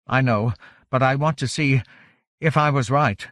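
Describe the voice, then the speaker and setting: A man voicing a young man who pleads quietly for a few more moments, in an audiobook. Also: medium pitch, unhurried, dry recording, studio quality, natural voice. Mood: pleading. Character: young man, frightened but pleading calmly.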